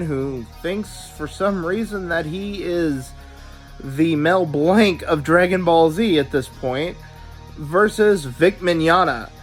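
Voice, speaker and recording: A man hosting a video, giving opinionated casual commentary with stammering asides. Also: on the high side. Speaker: video host reviewing dubs.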